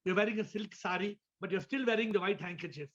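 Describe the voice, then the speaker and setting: High-voiced man teaching over a call. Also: quick pace, fairly bright tone, dull audio. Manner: repeats words, asks listeners rhetorical questions. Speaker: spiritual teacher. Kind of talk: question-and-answer discourse. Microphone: video call.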